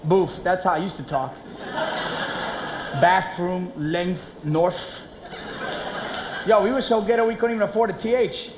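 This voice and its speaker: A brash New man works a theater crowd in a one-man comedy show, talking streetwise and animated. The stage sound is roomy, with noise all around him. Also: sits high, racing, hardly any pauses. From Queens, New York. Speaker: comedian and actor.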